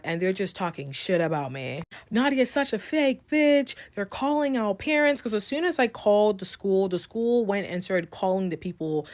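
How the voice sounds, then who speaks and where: A young woman in a casual storytime vlog, telling a personal story in a candid, profane and animated way. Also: fairly low pitch. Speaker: storytime vlogger.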